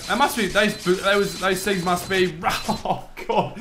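A young man commentating on his own gameplay, excitable, swearing and shouting at the game. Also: sits high, unhurried, hardly any pauses, noisy background. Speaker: gaming channel host.

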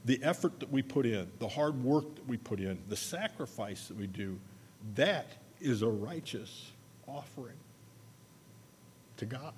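A man preaching a sermon, telling a personal story in a conversational way and slowing down to stress key words. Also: medium pitch, animated, darkish tone, in a large hall, a little hiss or hum. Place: church sanctuary.

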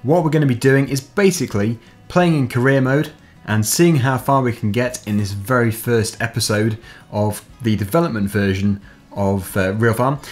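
A man giving casual commentary over gameplay as host, explaining the controls step by step in a chatty way. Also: mid-range voice. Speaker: gaming video host.

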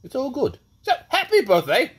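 A man's voice: huge pitch swings, normal speed, a bit bright, slightly rough, full character voice. A man putting on a pompous, mustached British lord with a hammy, lurching delivery in a comic birthday video. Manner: hammy, lurching between shrill and low.

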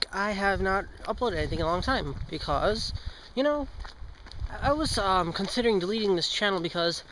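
This low-quality recording has slight background noise and captures a teen boy vlogging as he strolls a street past moving cars. His voice is high and a bit bright. He jokes, swears casually, rambles and stumbles over his words.

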